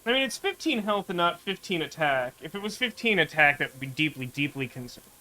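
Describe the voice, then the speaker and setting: A man's voice: on the high side, very animated, fairly quick, sharp tone. A man streaming a card game, chatting in a wry way as he thinks aloud about his moves. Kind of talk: let's-play commentary.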